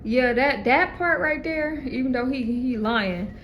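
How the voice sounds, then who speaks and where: A woman in a scripture class reading verses aloud deliberately. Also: high-pitched, a bit bright, slight background noise, rough recording.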